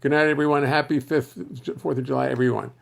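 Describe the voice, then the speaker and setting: A man hosts a loose, rambling livestream, thinking out loud and greeting viewers one by one. His voice is hoarse and heavily gravelly, pitched in an ordinary middle range. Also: fairly even intonation, quick pace. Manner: chatty, wandering, thinks aloud and greets viewers by name. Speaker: musician hosting a livestream for fans. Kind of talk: rambling casual livestream chat.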